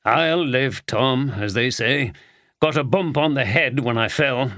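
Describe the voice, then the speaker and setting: A man's voice: medium pitch, unhurried, fairly bright tone, no room sound, clean studio sound, natural voice. A man voicing a weary, self-deprecating detective inspector in an audiobook.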